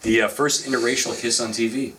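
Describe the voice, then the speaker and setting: A middle-aged man on a podcast, telling stories in a casual, animated way with lots of fillers. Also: mid-range voice, fairly quick, noisy background. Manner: animated anecdotal storyteller with frequent fillers. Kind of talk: casual storytelling chat.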